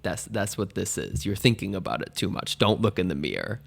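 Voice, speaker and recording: A man with a fairly low voice talks through listener questions on his own podcast. His advice is casual, candid and a bit rambling, and he often jokes at his own expense. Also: big pitch swings, a little fast, gravelly, husky. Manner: candid, rambling, self-mocking, with frequent restarts.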